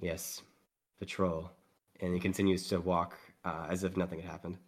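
A man narrates as game master of a tabletop game in a rambling, filler-heavy way. His voice sits fairly low, and he describes the scene casually as he goes. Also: flat delivery, quick pace. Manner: rambling, lots of "like" and "um".

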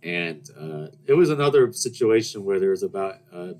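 A man's voice: sits low, expressive, moderate pace, a little mellow. A young man hosting a casual storytelling podcast, rambling and joking with restarts and mock-outraged rants. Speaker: podcast host.

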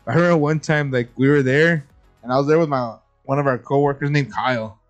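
A man's voice: mid-range voice, fast, highs cut off, soft background music. A man co-hosting a podcast, telling stories in casual chat, profane and laughing, with lots of fillers and restarts. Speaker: podcast co-host.

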